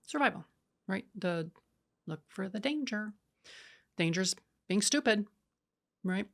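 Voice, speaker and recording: Animated woman telling a coaching story. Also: medium pitch, takes it slowly, creaky. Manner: animated storyteller who acts out quoted dialogue; emphatic lists and repeated "right?". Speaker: podcast guest, leadership coach. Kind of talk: conversational podcast interview.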